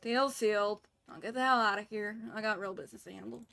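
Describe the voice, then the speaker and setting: A woman voicing a crude, foul-mouthed gangster man, reading him with a put-on Southern US accent in a gruff, bossy way. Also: medium pitch, fast talker, bright, forceful tone.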